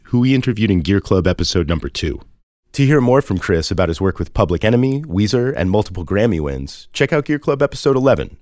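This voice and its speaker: A man narrating a podcast segment in a steady, scripted, announcer-like read. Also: deep voice, dry recording, clean studio sound.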